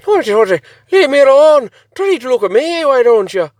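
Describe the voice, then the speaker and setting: A man's voice: extremely high pitch, sing-song, a little fast, no echo, clean studio sound, voice pushed up. A man putting on a mock Scottish accent as a fed-up man heckling a snooping drone. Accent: put-on Scottish. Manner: mocking, shouting.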